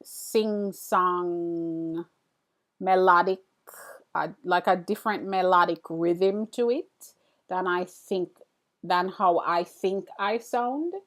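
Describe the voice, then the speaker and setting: A woman from Antigua speaks with an Antiguan accent as she hosts a live stream. She talks slowly in a somewhat low voice, chatting and reacting with curiosity to viewer comments. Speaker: livestream host. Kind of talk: casual chat with live viewers.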